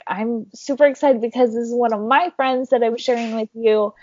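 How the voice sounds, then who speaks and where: A woman's voice: medium pitch, darkish tone, muffled recording. A woman hosting a podcast, bubbly and gushing as she introduces her friend, her voice wearing out. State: voice giving out. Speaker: podcast host.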